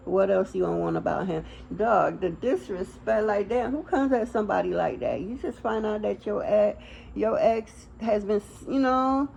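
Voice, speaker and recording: A woman's voice: medium pitch, creaky, darkish tone, a little hiss or hum, low-quality recording. A young woman giving a casual tarot reading, blunt and slangy, talking straight to the viewer. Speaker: tarot reader.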